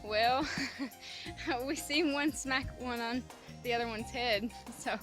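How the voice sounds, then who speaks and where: A woman's voice: fairly high pitch, takes it slowly. A woman visitor giggling through a casual street interview outdoors. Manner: giggly, drawn out. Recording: off-mic with music over it.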